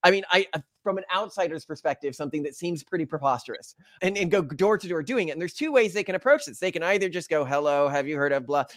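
A young man hosts a conversation, recorded dry and close with no room sound. He sums up his guest's points analytically, restarting a phrase now and then. His voice sits a little high. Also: quick pace, few pauses, fairly bright tone, dry recording. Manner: analytical, summarizing, some hesitant restarts. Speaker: podcast host. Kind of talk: interview conversation.

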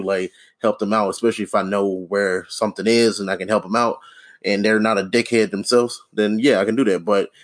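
Deadpan man on a profane solo rant. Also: lowish voice. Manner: profane, rambling, sardonic, many fillers and restarts. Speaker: podcast host.

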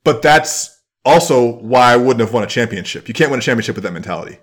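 A man's voice: medium pitch, animated, fast talker. Young man hosting a rambling podcast chat. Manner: rambling, reflective, acts out quoted voices. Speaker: podcast host. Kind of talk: casual chat.

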